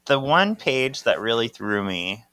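A man's voice: mid-range voice, sing-song, measured pace, bright, forceful tone, dry recording. A man co-hosting a podcast, recapping a comic book panel by panel and briefly voicing the characters' lines. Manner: narrates panels and voices characters in brief quotes. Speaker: podcast co-host. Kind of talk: casual chat, reading a comic aloud.

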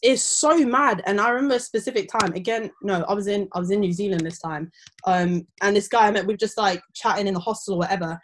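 A young woman talks fast in a casual chat, with slight background noise. She tells stories in an animated way, often acting out other people in high voices.

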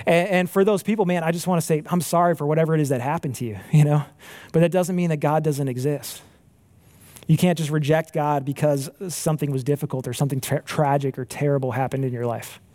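A man preaching in a relaxed, talky way, checking in with listeners and correcting himself mid-sentence. His voice sits a little high for a man. The sound is close and dry, with no room around it. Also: quick pace, no echo. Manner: conversational, frequent "right?" and "like", self-correcting restarts. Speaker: pastor. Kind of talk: casual sermon.

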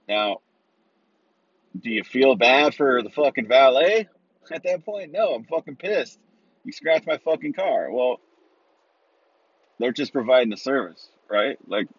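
A man in the Los Angeles area rants through a loose, rambling monologue full of swearing, tossing in rhetorical "right?" asides. His voice is mid-range and fairly bright with a breathy edge. The recording is dry and slightly dull.

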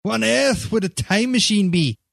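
A man voicing a gruff, dismissive bearded scientist who speaks bluntly and scornfully. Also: sits high, normal speed, fairly bright tone, no echo, studio quality, pitched above the performer's own voice, exaggerated voice. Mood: skeptical.

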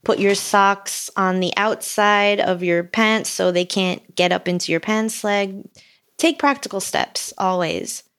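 A woman co-hosting a podcast, upbeat and animated in casual conversation. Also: mid-range voice, measured pace, smooth. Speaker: podcast co-host. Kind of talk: casual chat.

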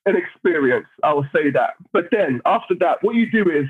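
A man telling a story on a podcast in a casual, animated way. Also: fairly high pitch, a little fast, slightly rough. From London, England. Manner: animated, acts out other people's lines while telling stories. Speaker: podcast guest. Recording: phone-like narrow sound.

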